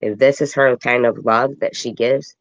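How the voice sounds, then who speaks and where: A woman's voice: extremely low pitch, fairly even intonation, normal speed, no room sound, highs cut off. A woman with a stuffy, congested voice giving sarcastic, mocking live reaction commentary. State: congested from a cold.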